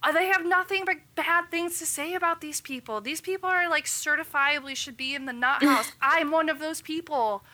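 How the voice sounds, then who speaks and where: Her voice sits high, pushed and bright, moving at a moderate pace with few pauses. She's a thirtysomething doctor guesting on a podcast, telling a story in relaxed conversation and performing the quotes.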